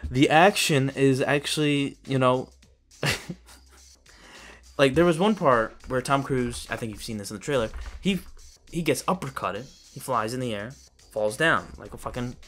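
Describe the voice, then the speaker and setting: A man's voice: mid-range voice, normal speed, a bit bright, soft background music. A man giving a casual, profane and sarcastic review of a film he finds ridiculous, laughing as he rants. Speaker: movie reviewer. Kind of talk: casual ranting movie review.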